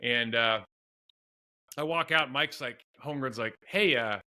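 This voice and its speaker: A middle-aged man with a very bright, forceful voice tells rambling stories from his football days. He laughs at himself, restarts his sentences and wanders into asides as he goes. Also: medium pitch, unhurried. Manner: rambling, self-deprecating storyteller with many restarts. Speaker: guest, former pro football player. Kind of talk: storytelling in a podcast interview.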